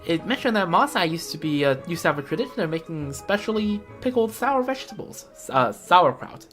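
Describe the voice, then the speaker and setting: A woman voicing a cheerful, earnest young girl traveler in a game, speaking brightly. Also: lowish voice, very animated, a little fast, faint music behind. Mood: chatty. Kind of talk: game character voice line.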